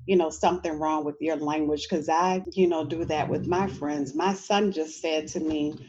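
A woman's voice: low voice, fairly even intonation, moderate pace, a little mellow, lo-fi sound. A middle-aged woman from New Orleans, an educator speaking on a panel in a conversational way, often tossing in "you know" and "right?". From New Orleans, USA. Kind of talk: panel discussion.

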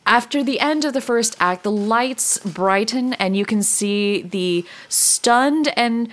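A woman narrating a tabletop role-playing game as dungeon master, in a relaxed, chatty way. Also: a little high, takes it slowly.

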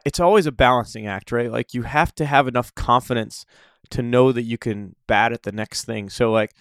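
A man telling stories in a casual conversation, animated and often laughing. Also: medium pitch, moderate pace, no room sound, clean studio sound. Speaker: interview guest.

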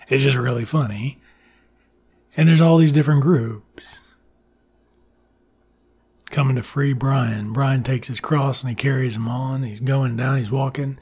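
A man's voice: medium pitch, fairly even intonation, unhurried, long pauses, darkish tone, husky. A man casually retelling a comedy film's plot in a loose, chatty way, swearing now and then. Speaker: film reviewer. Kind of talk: casual film recap.

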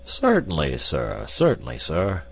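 Fussy absent-minded old professor, read by a man, lively up-and-down voice, low underneath. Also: measured pace, slight background noise, exaggerated voice. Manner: fussy, exclaims "tut, tut". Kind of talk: audiobook character reading.

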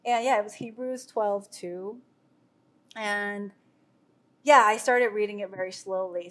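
A woman earnestly sharing a personal faith testimony with viewers, talking loosely with many fillers and restarts. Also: medium pitch. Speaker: speaker sharing a devotional.

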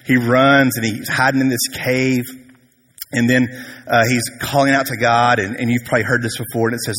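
A man preaching a sermon as a pastor, telling the story in a conversational, animated way with humor. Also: medium pitch, normal speed, a little hiss or hum. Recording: long hall reverb.

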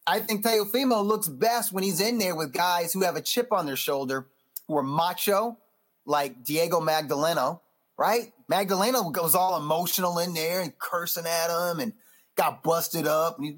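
A man who is a boxing magazine editor, chatting loosely as a podcast guest, animated and full of restarts. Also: on the high side, moderate pace. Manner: animated, loose, acts out quotes; frequent restarts and fillers. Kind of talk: casual interview chat.

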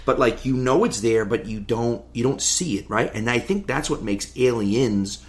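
Man, casual movie chat, animated storyteller, mid-pitched voice. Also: moderate pace. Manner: animated storyteller, acts out scenes with yelling voices.

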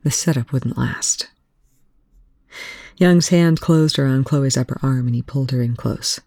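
A reader narrates fan fiction aloud in a steady, even way. The voice sits in a middle pitch with a gravelly edge, recorded close and dry. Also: a little slow, no room sound. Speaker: audiobook reader.

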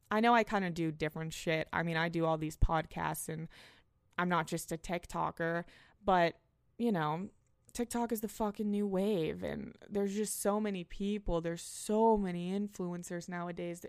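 A woman's voice: fairly low pitch, clear, resonant tone, dry recording, studio quality. Blunt, swearing young woman podcaster. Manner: blunt, frequent swearing, rising and animated when ranting. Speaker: podcast host. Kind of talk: casual solo podcast rant. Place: small apartment.

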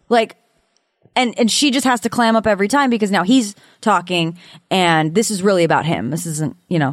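Female podcast co-host with a mid-pitched voice, emphatic and animated, acts out quotes; dry close mic. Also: a little fast, dry recording. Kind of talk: casual true-crime discussion.

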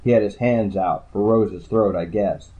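Man, low voice, hardboiled first-person narration, dry delivery, tinny phone-like sound. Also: measured pace, mellow. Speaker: audiobook narrator.

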